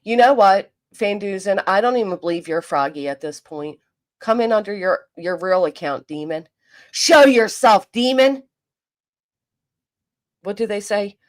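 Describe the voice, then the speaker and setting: South jersey lady streaming, swears a lot, talks back to chat, regular pitch for a woman. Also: normal speed. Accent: South Jersey near Philadelphia. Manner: blunt, profane, mocking; reads and answers chat aloud. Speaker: commentary streamer. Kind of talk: casual live-stream commentary.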